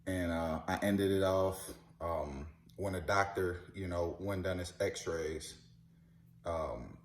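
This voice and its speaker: Speaking slowly in a low voice, a New Orleans man in his thirties recounts his own story to camera in a relaxed way, full of "you know," "man," and repeated words. The recording has a roomy echo plus a little hiss or hum.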